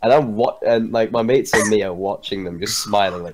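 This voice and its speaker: A man's voice: fairly low pitch, normal speed, a little hiss or hum. A young man on a live stream, telling crude, swear-heavy stories to friends and laughing as he goes. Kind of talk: casual storytelling with friends.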